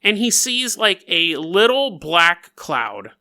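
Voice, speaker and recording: A man hosting a podcast, telling a strange story in a playful, jokey way with quick asides. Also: high voice, sing-song, pushed and bright. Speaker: podcast host. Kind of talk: casual comedic storytelling.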